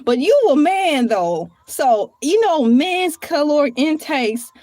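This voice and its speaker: A woman's voice: high voice, very animated, slow, a little mellow, no echo, studio quality. A woman hosting a casual livestream, chatty and playful, who laughs often and drifts from one topic to the next. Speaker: livestream host.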